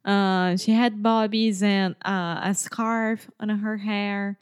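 A woman's voice: medium pitch, slow, smooth. Giggly woman. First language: Portuguese. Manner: giggly, animated storyteller. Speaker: podcast co-host. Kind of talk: casual chat.

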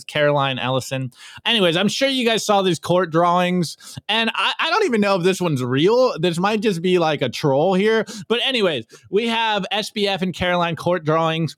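A man hosting a podcast, reviewing memes in casual, energetic chat and often repeating words as he starts sentences. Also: high-pitched, no room sound, clean studio sound. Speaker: podcast host.

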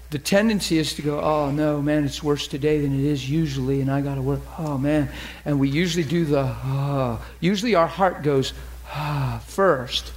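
A man preaching as a pastor, animated and acting out quoted voices in a lively sermon. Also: a little high.

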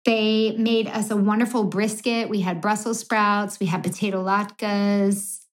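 A woman co-hosting a casual podcast, giggly, reading a recipe aloud in a put-on low sultry voice. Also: little pitch movement, unhurried. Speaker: podcast co-host. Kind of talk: casual chat.

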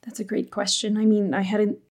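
Woman as earnest young noblewoman, measured, thoughtful, mid pitch, tabletop role-play. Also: little pitch movement, a little mellow, close to an everyday voice. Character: earnest young noblewoman, worried about her scheming father.

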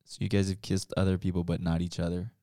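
A young man cohosting a podcast, joking with a deadpan, dry humor. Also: low voice, quick pace. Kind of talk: casual podcast chat.

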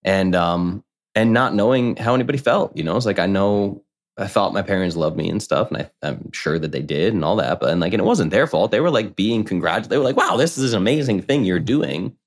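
Very low-voiced man telling a candid story. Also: expressive, fairly quick. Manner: candid, rambling, heavy use of "like", acts out quoted voices. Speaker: podcast guest. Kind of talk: casual personal storytelling.

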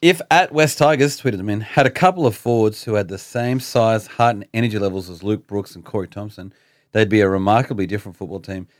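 A man's voice: fairly low pitch, brisk, no echo. Casual Australian man with a dry, close sound. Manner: chatty, swears casually, reads out tweets. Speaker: podcast co-host. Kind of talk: casual chat about rugby league.

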